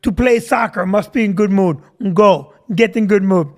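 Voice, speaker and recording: A towering, blunt Russian soccer coach, as a man puts him on, talking in slow, broken English with a heavy Russian accent. Each short line comes out low, unhurried and matter-of-fact. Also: close to an everyday voice. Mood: gruff.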